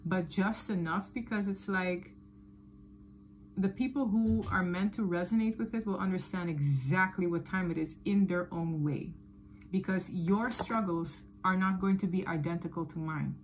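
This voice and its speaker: A woman giving a tarot reading to her viewers, talking in a loose, animated way, often laughing and repeating phrases. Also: lowish voice, moderate pace, slight background noise, poor audio. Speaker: tarot reader. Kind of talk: casual tarot reading to camera.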